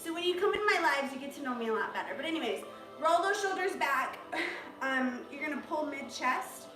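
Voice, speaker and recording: A woman's voice: high voice, animated, a little fast. A young woman leading a live home workout as a fitness instructor, chatty and full of "um" and "like.". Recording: echoey room with music playing. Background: music.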